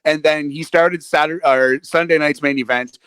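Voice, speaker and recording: A man with a slightly high voice co-hosts a casual sports podcast, laughing often and joking with a loose, profane ease. The sound is dry and close to the mic, with no room around it. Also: fairly even intonation, normal speed, a bit bright, clear, resonant tone, no echo. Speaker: podcast co-host.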